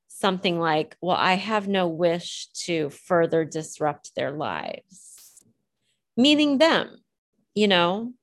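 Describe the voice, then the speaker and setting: A woman being interviewed, telling a personal story in a reflective, hesitant way, choosing her words with care. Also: lowish voice. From Illinois. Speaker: interview guest.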